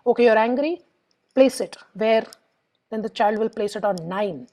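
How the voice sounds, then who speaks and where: The psychologist, middle-aged with an Indian English accent, has a warm, fairly high voice at normal speed. She takes parents through emotions methodically in a lecture, acting out the voices of clients and kids, over a rough recording.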